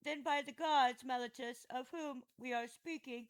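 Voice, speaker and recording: A woman's voice: high voice, fairly even intonation, moderate pace, close to an everyday voice, rough recording. A woman narrating an audiobook voices an aging male philosopher who defends himself at trial with patient, ironic questions. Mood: ironic questioning. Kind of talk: audiobook reading of a classic dialogue.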